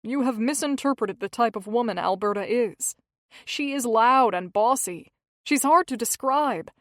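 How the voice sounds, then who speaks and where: A woman voicing a gentle young dentist. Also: on the high side, unhurried, no echo, studio quality. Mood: earnest. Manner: sincere and gentle. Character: quiet, earnest young male dentist.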